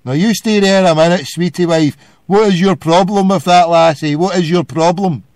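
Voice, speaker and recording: A man's voice: high-pitched, moderate pace, darkish tone, no room sound, studio quality. A Scottish man hosting a call-in show, ranting and hurling insults at a caller. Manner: abusive, ranting, hurls insults. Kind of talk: phone-in radio rant.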